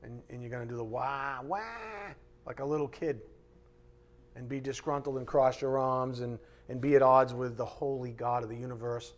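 A male pastor preaching a live sermon, reading scripture aloud and acting out voices in lively asides. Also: medium pitch, fairly quick. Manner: animated preaching, reads scripture aloud, acts out God's voice in asides. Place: church sanctuary.

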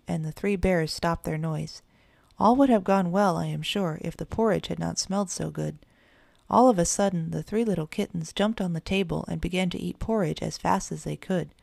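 A woman narrating a children's story in a gentle storytelling manner. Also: fairly low pitch, creaky, dry recording, clean studio sound. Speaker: audiobook narrator. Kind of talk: children's story read aloud.

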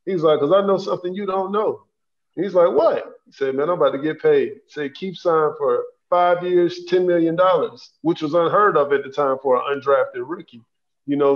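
A man hosting a podcast interview, enthusiastic and asking long, winding questions. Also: a little high. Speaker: podcast host. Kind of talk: casual interview. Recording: dull lo-fi sound.

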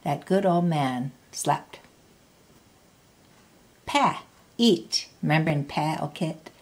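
A woman with a low-pitched, darkish voice takes her time as she teaches. In this slow language lesson she patiently prompts repetition of words and asks the listener how to express phrases.

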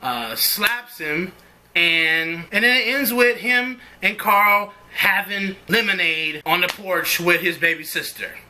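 A man's voice: high-pitched, takes it slowly, sharp tone. A young man giving a casual, rambling spoken review of a TV episode in a slangy, conversational way.

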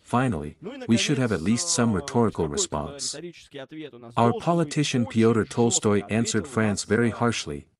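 A man's voice: on the low side, lively intonation, moderate pace, crowd noise. A man giving political commentary as a voice-over, arguing in a sarcastic tone. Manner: sarcastic, argumentative.

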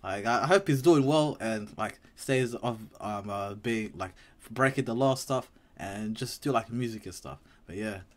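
A young man casually commenting on a video, relaxed and rambling. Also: on the low side, normal speed. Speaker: reaction host.

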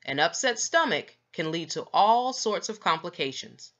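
A woman's voice: lowish voice, sing-song, normal speed, fairly bright tone, dull audio. A woman voicing a stern, disapproving doctor, matter-of-fact, in a storybook read-aloud.

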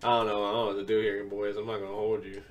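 A man's voice: on the low side, little pitch movement, racing. A young man recovering from an illness gives casual gameplay commentary, laid-back and full of ums as he explains plays step by step. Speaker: video game tips creator. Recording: distant mic, faint keyboard noise.

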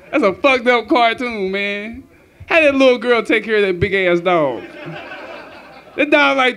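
A man's voice: very high-pitched, sharp tone, smooth. A man doing a crude, profane stand-up comedy set on a club stage, laughing at his own jokes.

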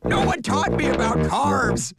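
Very deep, slowed grumbling meme guy. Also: animated, loud music behind the voice, heavily acted. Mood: whiny.

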